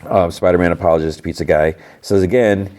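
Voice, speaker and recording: A man's voice: sits low, steady tone, quick pace, a little mellow. A man hosting a podcast, recapping a cartoon episode in a rambling, conversational way. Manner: rambling, conversational, many fillers and restarts. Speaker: podcast host.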